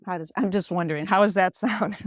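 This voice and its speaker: A woman talking as a podcast guest about mindfulness, in a gentle, reflective way with many fillers. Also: mid-range voice, fairly quick, no echo, clean studio sound. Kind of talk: casual interview talk.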